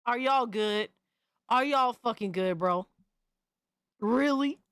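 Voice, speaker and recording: Young woman streaming reactions, swears a lot, shrieks when grossed out, talks slow, dry sound. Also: a little high, clear, resonant tone, no echo. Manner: profane, excitable, shrieks in disbelief. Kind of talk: live-stream reaction commentary.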